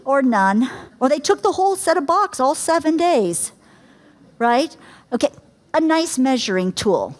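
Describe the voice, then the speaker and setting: A middle-aged woman with a somewhat high voice leads a caregiving workshop in a lecture room. She is chatty and laughs easily, and she keeps turning to the audience with questions. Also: big pitch swings, measured pace. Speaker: caregiving educator. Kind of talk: live workshop talk to an audience.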